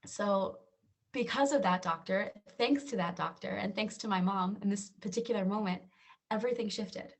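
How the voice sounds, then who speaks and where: A woman from Georgia speaks. She tells her own story to camera in a sincere, conversational way. Her voice sits at an ordinary middle pitch. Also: moderate pace. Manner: earnest storytelling, acts out quoted voices. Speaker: wellness channel host. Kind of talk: personal story told to camera.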